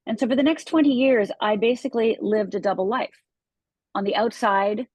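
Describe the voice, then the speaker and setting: A middle-aged woman from Upper Michigan, a life coach sharing her own story as a podcast guest. She tells it in an earnest, vivid way and leans on emphatic repetitions, at a medium pitch. The sound is close and dry, with no room around her. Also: moderate pace, a little mellow, slightly rough, no room sound, lo-fi sound. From Upper Michigan, USA. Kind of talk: personal storytelling in a podcast interview.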